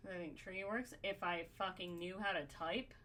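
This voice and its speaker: A woman's voice: fairly low pitch, moderate pace, sharp tone, slight background noise. A woman hosting a podcast, brainstorming in casual chat, swearing freely and thinking aloud with lots of fillers. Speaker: podcast host.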